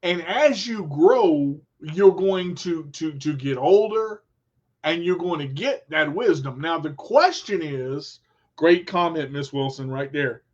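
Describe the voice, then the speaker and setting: Brief: high-pitched male host, unhurried, preachy motivational talk, lo-fi stream sound. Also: lively intonation, darkish tone. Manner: preachy, repeats himself, addresses viewers as y'all. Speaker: show host.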